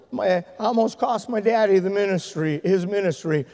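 A male pastor telling stories in a sermon, swinging from loud, excited shouting to hushed, tender speech. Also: sits high, moderate pace, big-room sound. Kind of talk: sermon storytelling. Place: church sanctuary.

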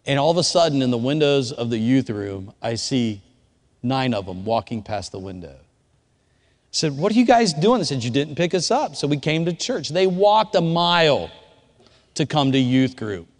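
A pastor delivering a sermon as a story, his voice sinking to near hush and then climbing to shouts. Long reverb from a church hall trails after his words. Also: medium pitch, big pitch swings, moderate pace. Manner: swings from hushed storytelling to shouted quotes. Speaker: youth pastor.

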